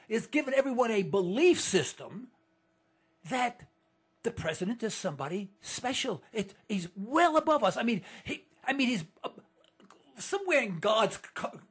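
Indignant commentator with lively, husky voice. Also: medium pitch. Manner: indignant, rhetorical questions, stammering restarts. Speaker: political commentator. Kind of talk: impassioned monologue to listeners.

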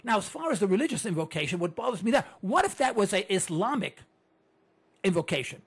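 An older man in his late sixties speaks to his listeners in a rambling, animated monologue. His voice sits fairly high and swings widely in pitch, with a gravelly, slightly husky texture. He tells stories, fires off rhetorical questions and repeats himself as he builds a point. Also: brisk. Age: 60s. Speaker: broadcaster addressing listeners. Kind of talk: conversational monologue with anecdotes.

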